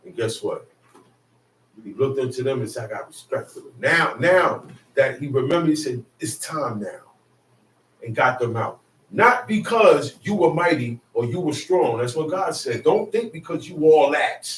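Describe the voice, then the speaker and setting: A man preaching a sermon in a casual, conversational way, now and then rising to shouts for emphasis. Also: medium pitch, lively intonation, unhurried. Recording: roomy, mic at a distance.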